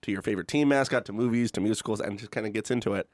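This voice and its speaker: Fast-talking man on a podcast. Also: fairly low pitch, dry recording, studio quality. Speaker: podcast co-host. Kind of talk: casual podcast chat.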